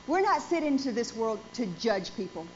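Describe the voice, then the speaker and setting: A woman's voice: fairly high pitch, very animated, normal speed. A woman in her forties preaching a sermon in a church, speaking emphatically and putting questions to the congregation. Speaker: pastor. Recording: dull lo-fi sound with faint noise.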